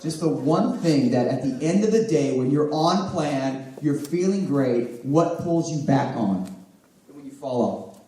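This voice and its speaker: Male health coach, high and animated, motivational stage talk, distant echoey room sound. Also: measured pace, slight background noise. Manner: energetic, emphatic, calls on audience members. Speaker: health coach speaking to a live audience.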